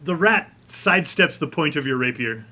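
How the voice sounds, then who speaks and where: A man's voice: on the high side, animated, moderate pace, sharp tone, a little hiss or hum. A man narrating as game master of a tabletop role-playing game, laughing often.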